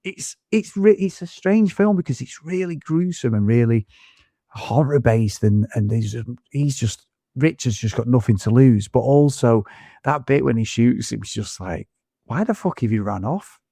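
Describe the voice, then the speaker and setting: Gravelly man, animated. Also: medium pitch, normal speed, no echo, clean studio sound. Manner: animated, swears a lot, acts out film lines. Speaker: podcast co-host. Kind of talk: casual film review chat.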